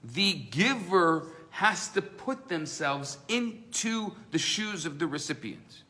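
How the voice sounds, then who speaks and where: A rabbi teaching a live class in a synagogue room. His voice sits a little high for a man, and he tells his stories with animated, acted-out quotes. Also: slow. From Canada. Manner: animated storyteller, acts out voices in his tales.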